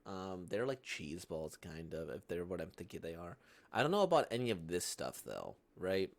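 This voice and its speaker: Guy reacting casually, lowish voice, meandering, hesitant, keeps checking in with tag questions. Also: sing-song, normal speed. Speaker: manga reaction host.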